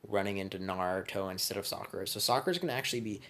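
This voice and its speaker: A man's voice: low-pitched, racing, a bit bright. A young man vlogging, telling a comedic story in crude, rambling slang.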